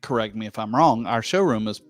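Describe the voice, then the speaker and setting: A man hosting a casual chat, joking around and reading out a listener's question slowly with many pauses. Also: lowish voice, no room sound. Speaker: host.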